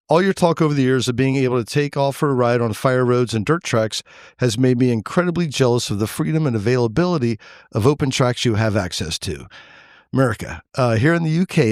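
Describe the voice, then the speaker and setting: A man's voice: mid-range voice, a little mellow, no room sound, clean studio sound. Joking man reading listener mail. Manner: jokey, reads letters aloud with asides. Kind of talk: casual podcast chat.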